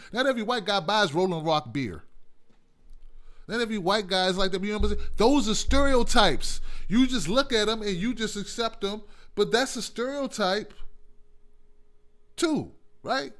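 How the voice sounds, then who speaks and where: A male talk host with a high, very lively voice that swoops up and down constantly. He rambles through a casual monologue, cussing freely and breaking into laughs as he goes. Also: normal speed. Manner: animated, rambling, profane, laughing. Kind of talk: casual monologue on a call-in show.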